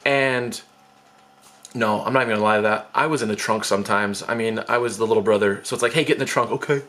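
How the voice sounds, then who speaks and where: A man's voice: on the low side, fairly even intonation, quick pace, a bit bright. A man, a former teacher, telling a story to camera in a chatty, self-deprecating, rambling way.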